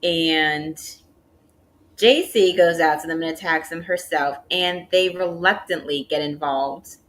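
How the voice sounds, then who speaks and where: Low-voiced woman recapping steadily. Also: measured pace, poor audio. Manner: steady matter-of-fact recapping. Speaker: podcast co-host. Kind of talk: casual wrestling recap.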